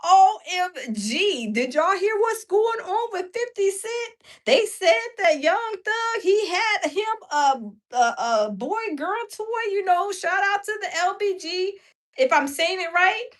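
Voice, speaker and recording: Woman, live-stream host, high voice, lively swooping pitch, animated casual chat. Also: takes it slowly. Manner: animated, laughing, chatting with viewers. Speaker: livestream host.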